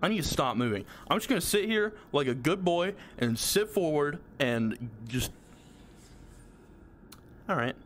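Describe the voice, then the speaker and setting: A man's voice: fairly high pitch, lively intonation, unhurried, long pauses, fairly bright tone, slight background noise. A young man giving nervous, jumpy commentary while playing a horror game, swearing and pleading with what he sees. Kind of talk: nervous let's-play commentary.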